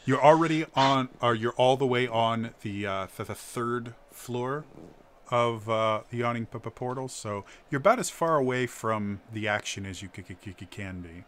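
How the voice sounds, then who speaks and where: Male game master, bright voice, stammering, halting delivery. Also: medium pitch, slight background noise. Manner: halting, stuttering narration. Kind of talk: narrating a tabletop game.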